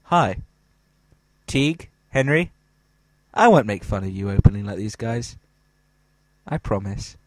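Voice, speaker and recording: A man hams up a podcast promo in an over-the-top seductive announcer voice, his pitch leaping around. The sound is close and dry. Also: lively intonation, a little slow, long pauses, dry recording, poor audio. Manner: mock-seductive, joking announcer voice. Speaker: podcast co-host. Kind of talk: mock radio promo.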